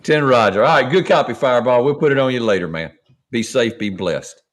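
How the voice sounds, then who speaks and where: A man's voice: medium pitch, animated, brisk. A man hosting a podcast in casual chat, emphatic and profane, repeating names as he talks. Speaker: podcast host.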